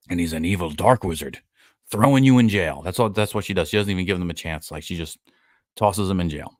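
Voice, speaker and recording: Deep-voiced sarcastic podcast host. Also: male voice, dry recording, studio quality. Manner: sarcastic, acts out characters' lines in a raised voice. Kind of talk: casual live-stream episode breakdown.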